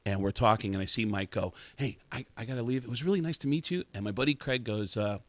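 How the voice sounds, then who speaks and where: A man's voice: mid-range voice, fast talker, dry recording. A man on a radio show as a comedian guest, telling anecdotes in casual chat and acting out each line of dialogue. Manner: animated anecdote teller, acts out dialogue. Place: radio studio.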